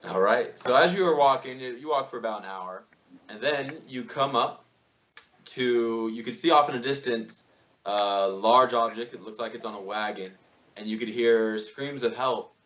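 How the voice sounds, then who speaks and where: A man narrating as game master in a relaxed, easygoing way, often laughing. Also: medium pitch, normal speed. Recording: dull lo-fi sound.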